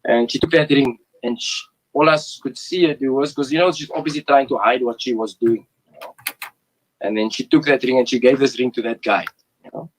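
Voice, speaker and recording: A man's voice: mid-range voice, fairly quick, slight background noise, low-quality recording. A man in his forties tells an earnest, heartfelt story as a guest in a casual interview. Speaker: former goalkeeper, interview guest.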